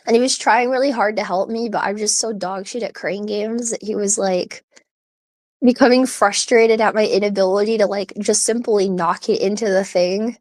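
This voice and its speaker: A woman's voice: mid-range voice, darkish tone, no echo. Rambling giggly woman, dry close mic. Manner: rambling, giggly, lots of "like" and restarts. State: hiccups. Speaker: streamer hosting a live audio space. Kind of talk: casual chat.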